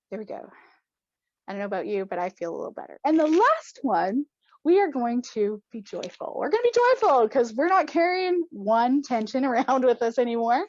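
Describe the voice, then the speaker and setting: High-voiced playful woman coaching an exercise. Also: sing-song, fairly quick, dry recording, highs cut off. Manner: playful and encouraging, laughs often, bursts into loud cheers and shouts. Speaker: coach leading a stress-release exercise. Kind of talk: guided group exercise instruction.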